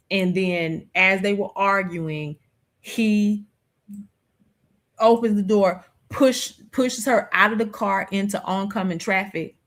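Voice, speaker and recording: A woman hosting a livestream, talking slowly and reflectively in a casual chat with plenty of fillers. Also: mid-range voice. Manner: slow, reflective, conversational with many fillers. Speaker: streamer host.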